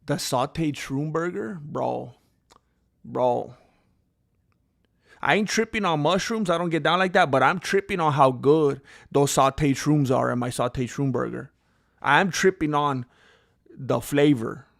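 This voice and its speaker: Male livestream host, high-pitched and gravelly, excitable slangy storyteller. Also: measured pace. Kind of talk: casual livestream chat.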